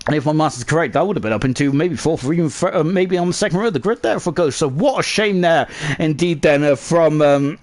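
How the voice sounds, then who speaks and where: A young man commentating a sim racing league live, excitable and chatty, reading out viewer messages. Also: high voice. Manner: excitable, shouts over laps then settles into chatty asides. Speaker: esports race commentator.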